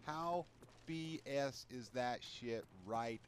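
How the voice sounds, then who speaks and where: A man's voice: mid-range voice, slow pace, background noise. A man commentating his own video game play in a frustrated, profane rant. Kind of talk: casual gameplay commentary. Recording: gameplay with loud gunfire behind. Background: game gunfire and clicks.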